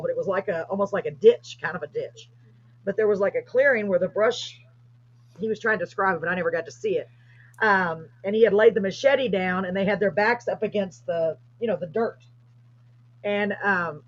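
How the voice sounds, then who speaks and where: Lady host spinning a spooky story, husky voice, kinda muffled lo-fi stream. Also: medium pitch. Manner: animated, excited retelling. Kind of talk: casual storytelling. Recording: dull lo-fi livestream audio.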